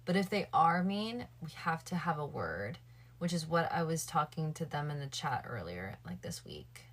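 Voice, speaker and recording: A woman's voice: sits low, very animated, moderate pace, fairly bright tone. A woman livestreaming late at night, chatting casually with her viewers and thinking aloud. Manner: chatty, addresses her viewers and chat directly.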